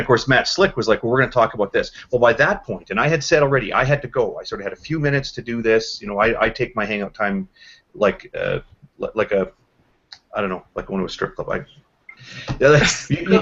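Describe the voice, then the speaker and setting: A man's voice: on the low side, a bit bright, slightly rough. A man hosting a casual online chat, rambling with lots of restarts. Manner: rambling, many fillers and restarts, quick. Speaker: host. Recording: dull lo-fi voice call.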